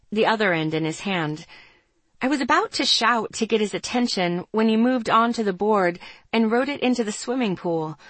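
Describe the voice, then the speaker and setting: Woman narrator, mid-range voice, first-person audiobook, steady and even, dry recording. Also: mid-range voice, dry recording.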